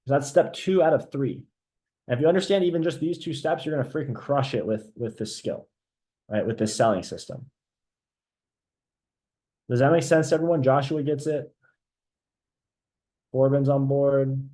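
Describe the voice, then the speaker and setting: A man's voice: mid-range voice, moderate pace, long pauses. A man leading a live online sales training. He talks with energy, keeps checking in with the audience and acts out sales calls to show how they go. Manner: energetic, repeats "right?" often, role-plays sales calls.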